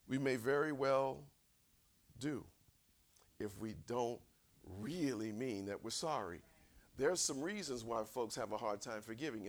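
A man with a mid-range voice preaches a conversational sermon, repeating words for emphasis as he drops to whispers and rises to shouts.

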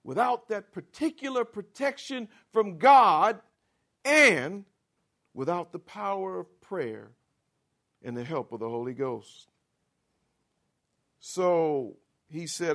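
A man preaching a sermon, slow and emphatic, reading scripture aloud and driving his points home with rising force. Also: fairly high pitch, expressive. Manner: slow, emphatic preaching with sharp rises for quoted lines. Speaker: pastor.

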